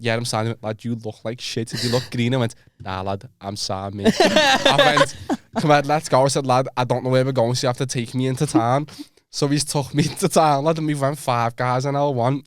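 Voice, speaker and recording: Fast-talking young man. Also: mid-range voice, steady tone, dry recording, clean studio sound. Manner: rambling anecdote, says "lad" constantly, swears. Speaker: podcast co-host. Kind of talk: casual chat, storytelling.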